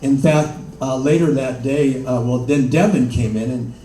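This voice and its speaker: An older man, an interview guest, telling his story in a halting way with many fillers and laughs. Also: mid-range voice, dark tone. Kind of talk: conversational storytelling. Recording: echoey room, mic far off, faint noise.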